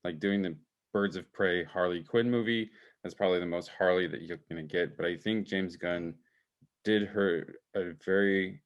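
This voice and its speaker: A man's voice: low voice, steady tone, moderate pace, lo-fi sound. A man co-hosting a casual film podcast over a video call, talking enthusiastically with many fillers. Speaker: podcast co-host, film reviewer.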